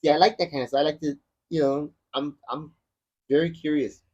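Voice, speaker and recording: A man's voice: a little high, fairly even intonation, fairly quick, darkish tone, slightly rough, lo-fi sound. A middle-aged man hosting a podcast, telling a story in casual chat and rambling with many restarts. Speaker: podcast host.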